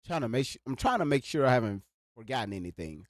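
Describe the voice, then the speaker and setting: A man hosting a livestream, ranting to his chat in an animated, repetitive way and talking straight to his viewers, speaking into a microphone. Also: medium pitch, fast, no echo. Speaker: livestream host. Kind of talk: live reaction rant to chat. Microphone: sits behind a microphone.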